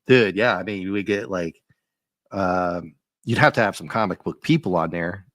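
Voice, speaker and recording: A man hosting a live stream, chatting and ranting casually with viewers, his voice a little rough and often breaking into laughs. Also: low voice, moderate pace, fairly bright tone, no room sound. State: slightly rough voice. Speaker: livestream host.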